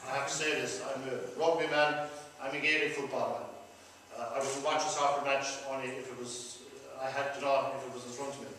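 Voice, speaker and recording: A man's voice: medium pitch, little pitch movement, a little fast, a bit bright. An older man with a Kerry Irish accent, chatty and anecdotal, telling his life story to an audience. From Ireland. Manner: chatty, anecdotal, laughs at his own stories. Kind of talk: personal storytelling talk. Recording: echoey hall, distant mic, faint noise.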